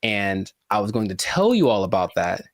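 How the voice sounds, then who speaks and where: A man's voice: lowish voice, sing-song, moderate pace, heavy background noise. A man co-hosting a casual podcast chat, jokey and theatrical, with mock-emotional asides. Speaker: podcast co-host.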